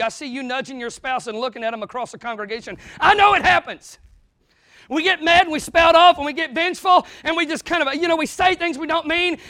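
Male pastor, very high voice, dry close sound, sermon with loud bursts. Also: no room sound. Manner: preaching with sudden loud bursts and acted-out quotes. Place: church.

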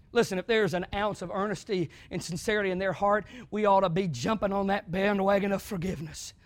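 Brief: high-pitched young adult male preacher, sermon delivery, dry close sound, quiet then shouting. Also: fairly even intonation, brisk, hardly any pauses, no room sound. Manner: dramatic swings from hushed to shouting.

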